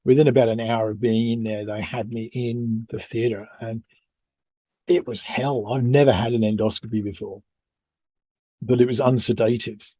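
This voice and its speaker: A man's voice: medium pitch, steady tone, normal speed, mellow, no echo. British man telling a rambling story. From United Kingdom. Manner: rambling, self-deprecating, many restarts. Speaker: podcast co-host. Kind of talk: casual storytelling.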